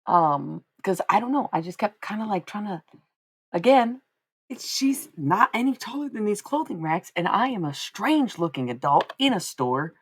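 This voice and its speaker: Chatting casually at home, a woman streamer with a husky, sing-song voice tells a funny story at a moderate pace. She laughs, swears, and quotes lines in put-on high voices.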